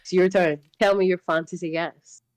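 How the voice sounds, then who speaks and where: A woman co-hosting a casual gaming podcast, an animated storyteller who swears freely and laughs often. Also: fairly low pitch, moderate pace. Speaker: podcast co-host. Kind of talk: casual chat.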